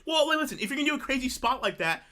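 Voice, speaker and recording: Fast, animated, bright-voiced co-host. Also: high-pitched. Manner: quick, animated, sarcastic commentary. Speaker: podcast co-host. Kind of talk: casual wrestling discussion.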